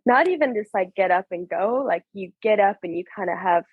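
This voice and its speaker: A young adult woman, a podcast guest, telling an emotional personal story in a candid, animated way, laughing through it. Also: mid-range voice, brisk, breathy edge, dry recording, narrow, tinny audio.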